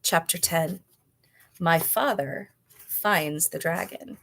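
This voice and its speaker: A woman reading a children's novel aloud, with clear, expressive storytelling. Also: lowish voice, slow. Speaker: storybook reader.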